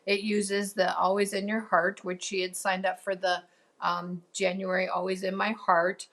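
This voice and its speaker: Chatty woman with vocal fry. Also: mid-range voice, level tone, normal speed, a bit bright. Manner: chatty, answers viewer comments, many ums and laughs. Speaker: crafting show host. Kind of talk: casual live-stream crafting chat.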